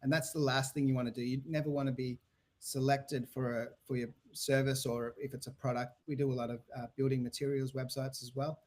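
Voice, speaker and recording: Fairly quick and level in tone, this Australian man's mid-range voice answers a podcast interviewer's questions about websites and sales. He's a guest who owns a website business, and his talk is loose and rambling, full of fillers and restarts.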